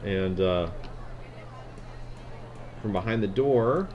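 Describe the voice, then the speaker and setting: A man running a tabletop game as game master, narrating in a relaxed, rambling way with many fillers. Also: on the low side, very slow. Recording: slightly dull recording, faint noise.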